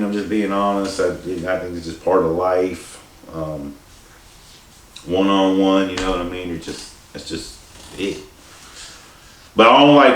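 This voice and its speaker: A man's voice: low voice, a bit bright. A man telling a story in a casual, rambling, profane way, with many restarts and asides. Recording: echoey room, distant mic, faint hiss.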